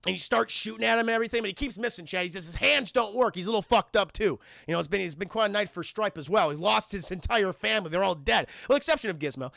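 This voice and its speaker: A man recapping a film scene by scene for his live chat, animated and profane, acting out the characters as he goes. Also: sits high, fast talker, gravelly, few pauses, dry recording, clean studio sound. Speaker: streamer and film reviewer.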